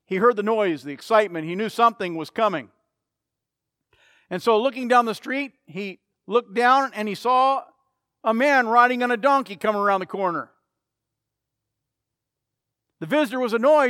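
A man's voice: very high-pitched, a bit bright, no room sound, clean studio sound. A man preaching a sermon, emphatic and repeating key phrases for effect. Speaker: pastor.

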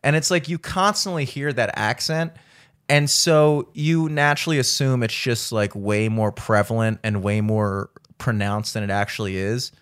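A man's voice: medium pitch, moderate pace, clean tone. Profane, rambling male podcast host. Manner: profane, animated storytelling with many fillers. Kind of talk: casual chat.

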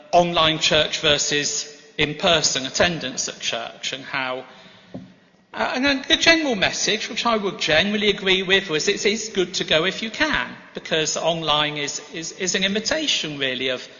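A man preaching a sermon in a large church, telling stories gently with self-deprecating humor. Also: high voice. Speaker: guest preacher. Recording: reverberant church hall, slightly muffled.

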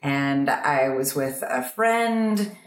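A woman's voice: a bass voice, expressive, drawn-out words. A woman guest on a comedy podcast, telling a rambling anecdote with laughs. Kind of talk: comedic storytelling. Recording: roomy echoey recording.

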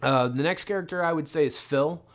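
A man co-hosting a casual movie discussion, excited and swearing freely as he recaps the plot. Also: on the high side, a little fast. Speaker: podcast co-host.

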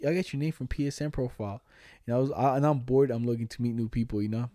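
Young male podcast co-host, casual profane storyteller, mellow tone, dry close sound. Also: mid-range voice, quick pace, no echo. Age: 20s. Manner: animated, profane, retelling chats with quoted lines.

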